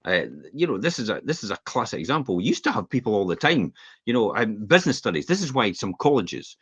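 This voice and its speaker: A Scottish man chatting on a podcast as the host, opinionated and animated, with laughs slipping into his rants. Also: on the low side, fast, slightly rough, dry recording. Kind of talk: casual podcast chat. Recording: dull lo-fi podcast audio.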